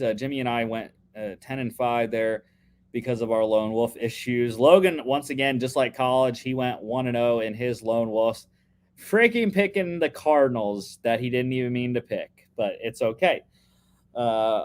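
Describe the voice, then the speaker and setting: A man's voice: medium pitch, a little slow. Chatty man talking football picks. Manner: chatty, many fillers and restarts. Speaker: podcast co-host making football picks. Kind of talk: casual sports talk.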